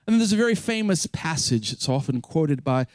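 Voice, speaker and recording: A man with a high, light voice preaches a sermon, retelling scripture with dramatic flair. The sound is dry and close, with no room echo. He shifts his delivery to act out the story. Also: sing-song, moderate pace. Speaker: pastor.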